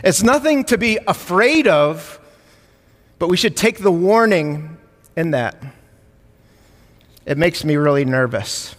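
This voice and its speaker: A man with a Midwestern Chicago accent preaches a sermon, keeping it conversational and joking with his congregation. His voice sits a little high for a man. The sound rings out with the long reverb of a church sanctuary. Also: lively intonation, slow pace, pauses often, fairly bright tone. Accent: Midwestern American, Chicago area. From United States.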